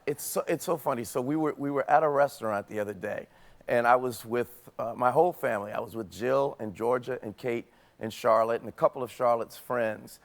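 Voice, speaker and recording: A man with a Southern US accent, hosting a talk show and telling a comic story to his audience, animated and laughing through his lines. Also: mid-range voice, brisk, slight background noise. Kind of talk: comedic storytelling to a studio audience.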